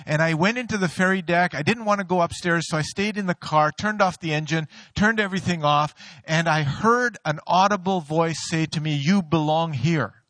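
A middle-aged pastor delivers his sermon in a high, bright voice. He tells stories with a playful, joking touch. The sound is dry and close. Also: a little fast, dry recording. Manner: storytelling, playful, laughs at own jokes.

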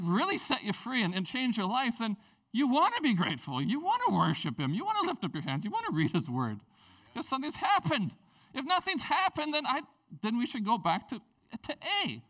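Animated high-voiced male pastor preaching. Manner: animated, joking asides and personal stories. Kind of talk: sermon.

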